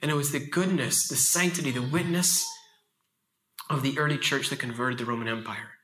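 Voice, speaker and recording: Bright-voiced impassioned male speaker. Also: medium pitch, moderate pace, a little hiss or hum. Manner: impassioned, emphatic, storytelling with vivid voice shifts. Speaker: conference speaker. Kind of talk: passionate talk at a faith conference.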